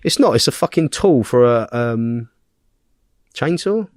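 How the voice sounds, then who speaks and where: A man's voice: mid-range voice, unhurried, no room sound, studio quality. A man, a podcast guest telling a story in casual conversation. He swears constantly, talks bluntly and keeps checking in with tag questions. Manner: blunt, heavy swearing, animated retelling.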